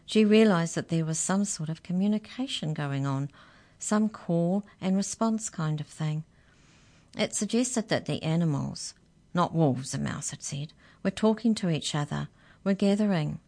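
A woman reading a children's storybook aloud in a measured, unhurried way. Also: lowish voice, warm tone.

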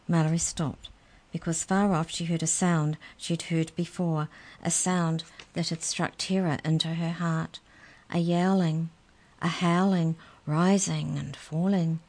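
A woman reading a children's story aloud in a clear, gentle storytelling manner. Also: low-pitched, level tone, a little slow.

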